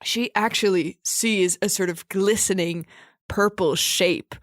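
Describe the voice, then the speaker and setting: A woman's voice: medium pitch, slow, no room sound. Chatty woman podcaster spinning an improvised tale, rambling, laughing, dry close mic. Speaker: podcast co-host. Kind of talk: improvised storytelling.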